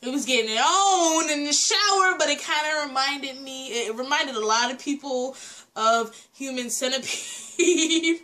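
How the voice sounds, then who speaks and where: A woman's voice: sits high, unhurried, sharp tone. A woman giving casual reaction commentary on a music video, chatty and exclaiming, often breaking into laughter. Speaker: reaction vlogger. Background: music video song playing.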